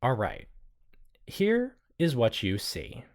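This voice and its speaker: Casual game master with a lively voice. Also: male voice, mid-range voice, takes it slowly, vocal fry. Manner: casual, hesitant with many fillers. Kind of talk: narrating a tabletop game.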